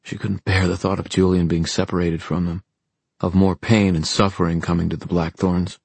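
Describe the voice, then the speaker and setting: A man reading an audiobook in calm, measured narration. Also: sits low, vocal fry, husky, no room sound. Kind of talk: scripted narration.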